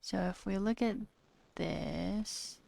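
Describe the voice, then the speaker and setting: Gravelly-voiced woman streamer thinking aloud. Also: mid-range voice, slow pace, darkish tone, slight background noise. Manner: chatty, thinking aloud while working. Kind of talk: casual coding stream chat.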